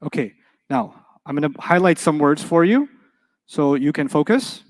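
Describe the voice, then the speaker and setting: A man's voice: a little high, expressive, moderate pace, big-room sound. A middle-aged man teaching Arabic to a live class, playful, quizzing his students and answering his own questions.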